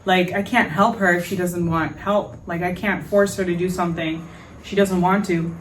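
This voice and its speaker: Brief: woman podcast host, fairly low voice, frank and animated storytelling, faint hiss behind her. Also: normal speed, far from the mic, poor audio. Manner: animated, frank, swears, many fillers. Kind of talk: casual storytelling monologue.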